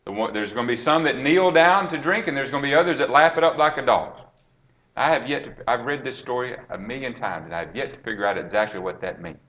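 Bright-voiced man preaching a Bible story. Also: medium pitch, fast talker, lo-fi sound. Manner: dramatic storytelling, acts out quoted lines, drops to a hush then rises. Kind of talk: sermon retelling a Bible story.

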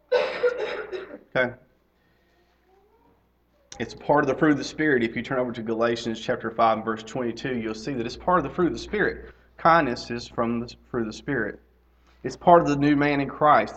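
A man's voice: mid-range voice, fairly quick, a bit bright. Man preaching a conversational sermon. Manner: conversational, repeats key phrases, asks questions. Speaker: lay preacher and teacher. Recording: slightly dull lo-fi recording.

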